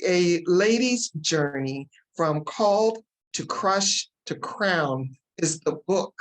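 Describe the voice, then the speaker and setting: Woman talk show host, fast and excitable, emotional, lowish voice. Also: poor audio. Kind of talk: enthusiastic talk show hosting.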